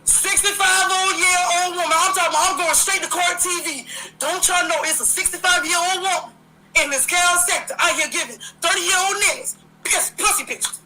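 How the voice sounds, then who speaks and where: A woman's voice: very high voice, moderate pace, background noise. A woman hosting a livestream, delivering a heated, profane, confrontational rant full of repeated jabs. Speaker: livestream host.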